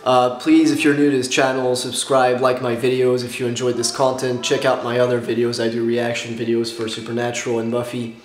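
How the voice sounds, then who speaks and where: A man talking to his viewers in a casual reaction vlog, gushing and excitable, with nervous laughs and restarts, tired after staying up all night. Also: medium pitch, brisk, few pauses. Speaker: YouTuber reacting to a film marathon. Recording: roomy echo with soft music behind.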